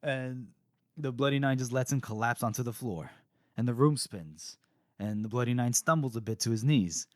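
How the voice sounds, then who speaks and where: A young man co-hosting a podcast, retelling a book chapter in casual chat, animated and laughing as he acts out lines. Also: mid-range voice, normal speed, dry recording, clean studio sound.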